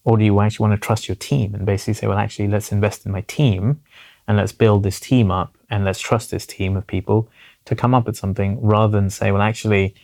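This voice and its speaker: A man's voice: lowish voice, flat delivery, quick pace, creaky, a little mellow. A man in his forties, a guest in an interview, talking earnestly and reflectively and often adding "basically" and "you know".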